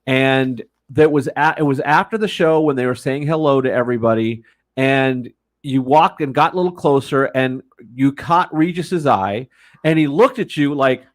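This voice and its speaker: A man's voice: medium pitch, normal speed. A man co-hosting a casual chat, chuckling and chiming in with short agreeing remarks and his own memories. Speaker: co-host.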